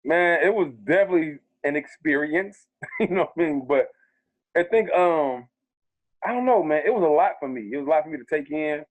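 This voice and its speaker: A man who is a comedian guest, telling stories in a casual interview, animated and profane, acting out what people said to him. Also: fairly high pitch, fairly quick. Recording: tinny phone-like sound.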